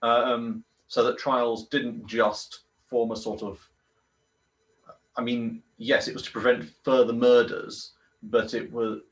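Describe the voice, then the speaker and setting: A man in a study group offering a thoughtful, measured answer with some hesitations. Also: medium pitch, little pitch movement, distant mic, poor audio. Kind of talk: group discussion.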